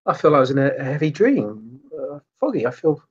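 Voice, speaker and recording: A man's voice: on the high side, big pitch swings, brisk, husky. A man voicing a bewildered twelve-year-old girl who has just woken up feeling healed. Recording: dull lo-fi sound.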